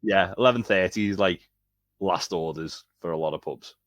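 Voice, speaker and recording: Low-voiced man, hesitant chat. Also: moderate pace, fairly bright tone, dry recording. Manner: hesitant, restarts a lot. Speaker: podcast co-host. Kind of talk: casual review chat.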